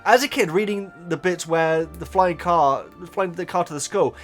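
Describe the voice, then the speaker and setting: A man's voice: a little high, normal speed, faint music behind. A man chatting casually as a YouTuber answering viewer comments, often stumbling and correcting himself. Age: adult. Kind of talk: casual reaction chat.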